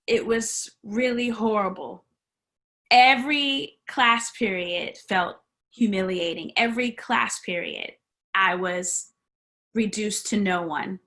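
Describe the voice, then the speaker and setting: A woman's voice: mid-range voice, slow, sharp tone. A woman preaching a sermon as a personal story, dramatically acting out the people in it and dropping to whispers. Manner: dramatic storytelling, acts out voices, drops to whispers. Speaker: guest preacher. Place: church sanctuary.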